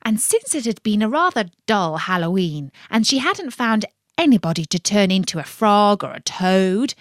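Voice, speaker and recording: A woman narrating a children's story in a playful, expressive way. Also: medium pitch, moderate pace, no room sound, clean studio sound. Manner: warm, playful, expressive reading.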